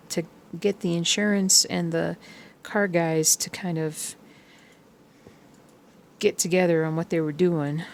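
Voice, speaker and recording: A woman chatting casually while she stitches, rambling through everyday stories and sometimes humming or singing softly along to music. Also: on the low side, vocal fry, a little hiss or hum. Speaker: cross-stitch vlogger.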